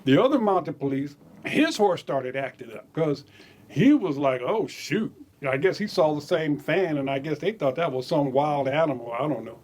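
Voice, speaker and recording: A man casually telling stories from his own life, animated, chuckling and repeating words as he goes. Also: on the high side, normal speed. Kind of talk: casual spoken memoir storytelling.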